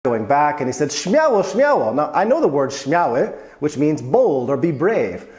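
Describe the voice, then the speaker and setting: A man's voice: fairly high pitch, very animated, moderate pace, a little mellow. Chatty man in an echoey room. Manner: chatty, tells personal anecdotes. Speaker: video host explaining Polish expressions. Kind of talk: casual explanatory talk.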